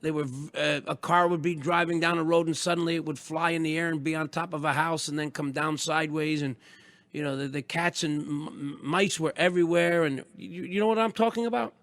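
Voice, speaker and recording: A man's voice: on the high side, fairly even intonation, fairly quick, a bit bright, no echo. Dry-voiced enthusiastic man, radio co-host. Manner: storytelling, enthusiastic, asks questions. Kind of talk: casual radio chat.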